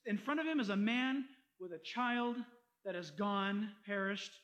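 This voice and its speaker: High-voiced animated male pastor preaching. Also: a little slow. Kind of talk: sermon.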